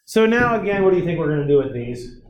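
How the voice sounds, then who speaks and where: A man's voice: on the high side, very animated, quick pace. A man teaching a math class, talking students through each step and checking in with frequent tag questions. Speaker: math lecturer. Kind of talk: classroom lecture.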